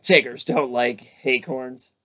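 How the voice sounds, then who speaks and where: A bouncy, cheerful young tiger from a storybook, as a man puts him on. He sounds confident and a little higher than a plain speaking voice. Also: big pitch swings, normal speed.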